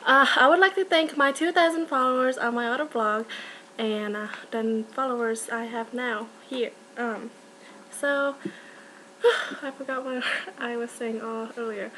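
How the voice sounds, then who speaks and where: A young woman giving rambling, giggly shout-outs in a casual vlog, full of fillers. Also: a little high, fairly even intonation, unhurried, slight background noise, poor audio. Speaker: vlogger.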